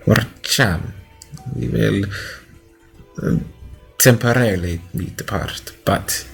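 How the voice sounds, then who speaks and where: A man voicing a woman adventurer in formal, measured speech, using polite words to veil threats. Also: on the low side, creaky, soft background music.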